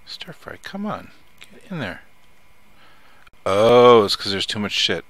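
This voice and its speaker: A man's voice: fairly low pitch, very animated, slow pace, fairly bright tone, slight background noise. A man casually commenting as he plays a survival game, chatty, muttering to himself and swearing when something startles him. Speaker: let's play host.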